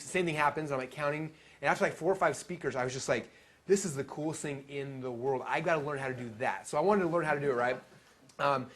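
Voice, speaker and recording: A man telling stories at a live seminar, animated and acting out the quotes he tells. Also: medium pitch. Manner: animated storytelling, acts out quotes. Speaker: seminar speaker.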